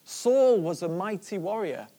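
Mid-sermon, a preacher retells a story with animated energy in an unhurried, medium-pitched voice. He drives the talk with rhetorical questions aimed at his listeners.

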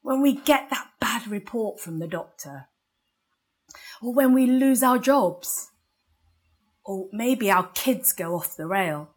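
Unhurried English woman preaching. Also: mid-range voice, lively intonation, breathy edge. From England. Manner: conversational, asks the congregation for amens, laughs at herself. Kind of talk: sermon.

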